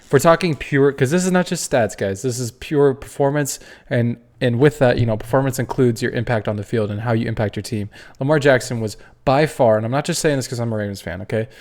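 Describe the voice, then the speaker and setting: Talking a little fast with few pauses, a man with a medium-pitched, darkish voice hosts a casual sports tier-list video. The podcast host is opinionated and worked up, ranting and dropping the odd curse.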